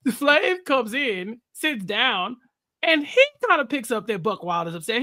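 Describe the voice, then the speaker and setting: Male host, animated storyteller, bright voice, lots of melody. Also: extremely high pitch, a little slow. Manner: animated storytelling, acts out quotes. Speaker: podcast host. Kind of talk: casual recap chat.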